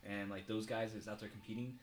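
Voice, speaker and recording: Laid-back, low-voiced guy chatting. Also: little pitch movement, fast. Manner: laid-back, swears freely, laughs often. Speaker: podcast co-host, jiu-jitsu practitioner. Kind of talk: casual chat.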